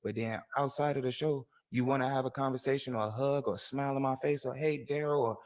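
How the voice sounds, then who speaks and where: A man's voice: medium pitch, fairly even intonation, fast, a little mellow. A man speaking as a show guest in a heated confrontation, aggrieved and stumbling over restarts.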